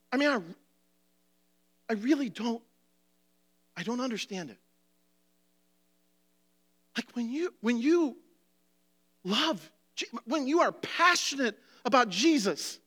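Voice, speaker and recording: A male preacher with a high, bright voice delivers a passionate, pleading sermon full of rhetorical questions. He is emotional and near tears. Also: animated, slow pace, long pauses.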